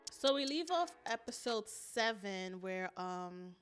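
A woman's voice: medium pitch, expressive, slow pace, faint music behind. A woman co-hosting a casual chat about a reality dating show, wry and teasing, correcting details and laughing often. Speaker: podcast co-host.

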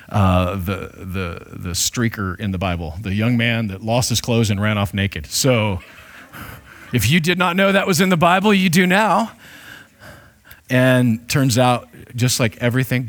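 A man preaching a sermon as pastor, reading scripture and explaining it in a conversational, playful way with frequent restarts. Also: medium pitch.

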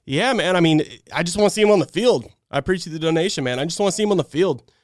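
Exasperated man ranting, fairly high voice. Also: expressive, racing, no echo, clean studio sound. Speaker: fan channel host. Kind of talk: livestreamed fan game breakdown.

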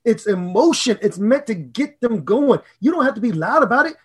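A middle-aged man co-hosting a podcast on public speaking, talking in an excitable, animated way with big jumps in pitch and loudness. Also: moderate pace, husky. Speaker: podcast co-host and speaking coach.

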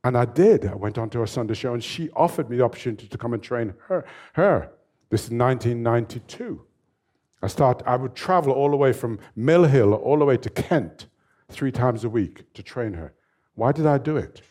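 A man in his seventies, a fitness trainer telling stories as an interview guest in a lively, animated way. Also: mid-range voice, normal speed. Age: 70s. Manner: lively, animated storyteller who laughs often. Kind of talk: storytelling in an interview.

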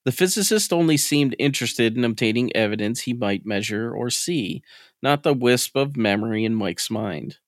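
A man's voice: medium pitch, expressive, moderate pace, no echo. Dry, close male storyteller. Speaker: podcast narrator. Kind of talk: scripted story narration.

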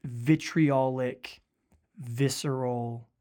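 A man who is a pastor and is grieving, talking earnestly in a conversational podcast, sometimes dropping to a hushed voice to quote others. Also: medium pitch, fairly even intonation, drawn-out words.

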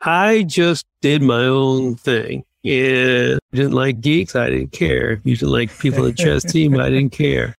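A man in his sixties from Massachusetts, a guest on an interview podcast, telling lively self-deprecating anecdotes. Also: medium pitch, measured pace, vocal fry, few pauses, no room sound, clean studio sound. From Massachusetts, USA. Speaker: podcast guest, former submarine commander. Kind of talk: conversational interview storytelling.

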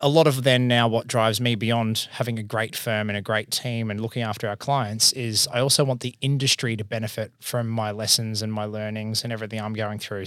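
A man's voice: lowish voice, no echo, clean studio sound. Candid Australian man telling stories. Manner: lively, candid, with casual swearing. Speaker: accounting firm partner, podcast guest. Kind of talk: casual storytelling in conversation.

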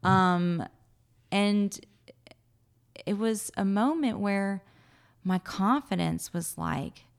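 A woman in her late thirties, a guest in an interview, telling a personal story in a casual, animated way and acting out her own thoughts. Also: medium pitch, drawn-out words, gravelly, pauses often, smooth. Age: late 30s.

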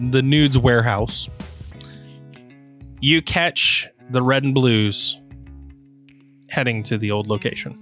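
Brief: male game master, unhurried narration, bright tone, faint music underneath. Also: mid-range voice. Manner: slow, laid-back narration with laughs and asides.

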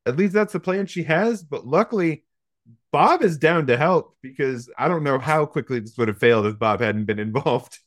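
A slightly high, animated male voice at normal speed tells a film's story for a podcast audience. The dry recording captures his profane, wry storytelling, full of comic asides in a casual recap.

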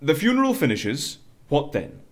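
An actor playing a dry, sardonic male agent of a secret agency in an audio drama, brisk and teasing. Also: fairly high pitch, wildly swooping pitch. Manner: brisk and teasing, rattles off rapid questions.

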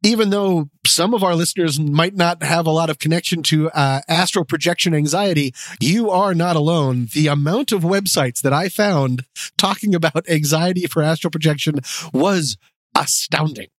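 A man's voice: fairly high pitch, no echo, studio quality. A man co-hosting a comedic podcast, joking and laughing at himself as he talks. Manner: jokey, laughing at himself, quick bursts. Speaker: podcast co-host.

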